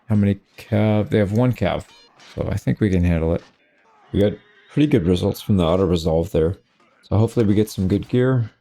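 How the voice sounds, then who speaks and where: Low, mellow-voiced man narrating gameplay. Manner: relaxed, wry running commentary on his own play. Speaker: gameplay commentator. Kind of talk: casual let's-play commentary.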